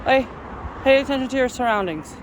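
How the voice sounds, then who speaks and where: A woman's voice: high-pitched, animated, a little fast. A woman outdoors on a street, coaxing her pet along with affectionate, laughing casual talk. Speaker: vlogger walking her cat on a leash. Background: faint street and traffic noise.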